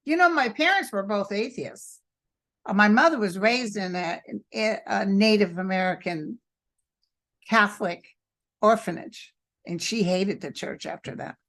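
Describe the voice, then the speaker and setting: Woman, mid-pitched voice, earnest, casual chat, co-host. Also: animated, a little slow, fairly bright tone. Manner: earnest, chimes in with anecdotes. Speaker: podcast co-host.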